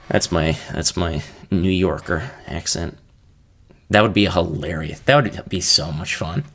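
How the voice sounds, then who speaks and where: A man's voice: low voice, a little slow, a bit bright. A man hosting a casual solo podcast, rambling in a laid-back, unsure way as he answers questions about his ASMR videos.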